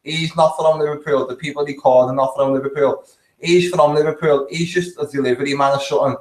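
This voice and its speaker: A man's voice: fairly high pitch, fairly even intonation, fast talker, reverberant, low-quality recording. A man giving casual, blunt, sweary commentary while reacting to video clips, laughing often.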